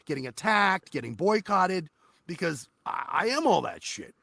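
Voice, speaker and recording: A man guesting on an interview podcast, a voice actor telling animated, profane stories about his work. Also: high-pitched, normal speed, vocal fry, no echo, clean studio sound. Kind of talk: casual interview chat.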